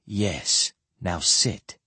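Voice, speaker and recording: A man's voice: sits low, pushed and bright, slightly rough, no echo, pitched below the performer's own voice, heavily acted. A man playing a firm teasing noblewoman. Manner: firm, slow, knowing.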